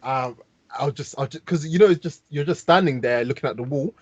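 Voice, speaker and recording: A man's voice: fairly high pitch, fairly quick, no echo. A man from London with a London accent, animatedly telling stories on a casual podcast, heavy with slang. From London, England. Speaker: podcast host. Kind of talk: casual storytelling. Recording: dull dry podcast mic.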